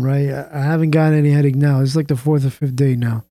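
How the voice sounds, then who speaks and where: A man's voice: medium pitch, fairly even intonation, fast talker, mellow, no room sound, studio quality. A man hosting an internet radio show, sharing his opinions in casual conversation and often checking in with "right?".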